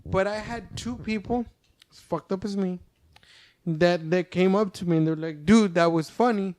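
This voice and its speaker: High, smooth-voiced man rambling. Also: fairly even intonation, moderate pace, darkish tone. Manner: rambling, swears often, stammers restarts. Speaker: stand-up comedian. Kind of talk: casual podcast chat.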